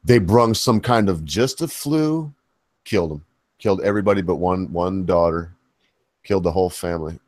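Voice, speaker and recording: A man's voice: low-pitched, moderate pace, darkish tone. A man hosting a casual panel chat, rambling and folksy, often correcting himself mid-sentence. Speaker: host.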